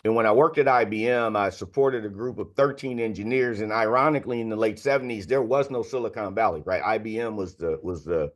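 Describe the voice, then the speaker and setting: A man's voice: on the low side, a little fast, few pauses. Man in his sixties telling stories. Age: 60s. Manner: candid, anecdotal, heavy on filler phrases. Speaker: guest author. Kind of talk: podcast interview storytelling.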